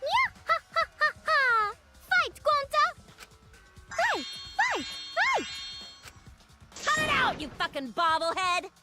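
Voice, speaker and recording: A woman's voice: very high voice, very animated, slow pace, long pauses, bright, forceful tone, heavily acted. An actress voicing a brash, hotheaded young woman in a game, over faint music. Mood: rowdy.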